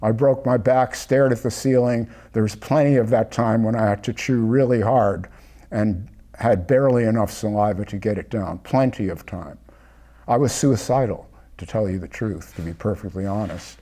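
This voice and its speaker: An older man speaks with a dark, mellow tone. He talks candidly and without hurry. He comes across as a reflective host on a video call. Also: fairly low pitch. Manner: candid, unhurried, speaks of his pain openly. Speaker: host of a group gathering. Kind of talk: reflective personal talk.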